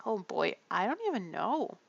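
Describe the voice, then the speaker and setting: A Canadian woman streams from a room at home, chatting casually in a medium-pitched, very animated voice at normal speed, with vocal fry and a breathy edge. She rambles, pokes fun at herself, and laughs often, though her lo-fi mic sounds muffled and there's no room sound.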